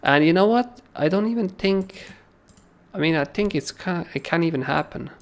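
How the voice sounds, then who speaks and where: Male livestream host with a gravelly voice; loose, animated trading commentary. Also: on the high side, moderate pace. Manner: animated, keeps asking "right?", swears casually. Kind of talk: casual chart analysis on a livestream.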